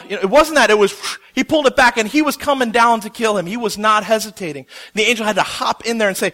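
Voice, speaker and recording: A man in his thirties preaching a sermon, telling a story with animated quotes. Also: high voice, fairly quick. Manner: animated storytelling, acts out quotes with rising intensity. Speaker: pastor.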